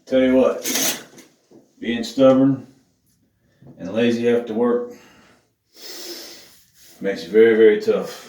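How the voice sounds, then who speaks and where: A man's voice: mid-range voice, slow pace, pauses often, mellow, distant mic. A man, talking casually to camera in a profane, joking vlog, whooping as he goes. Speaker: vlogger. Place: outdoor shower. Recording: echoey, from off the mic, with running water.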